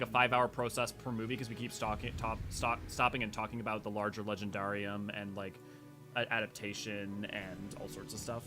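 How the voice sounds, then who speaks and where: A man streaming a game, chatting casually and nerdily, often restarting and correcting himself as he rambles. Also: lowish voice. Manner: rambling, self-correcting, nerdy. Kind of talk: casual livestream chat and game commentary.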